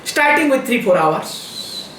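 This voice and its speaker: A man's voice: very high voice, very animated, takes it slowly, fairly bright tone. A man, a spiritual teacher giving a chatty discourse with jokey asides and laughter. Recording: roomy, distant mic, faint hum.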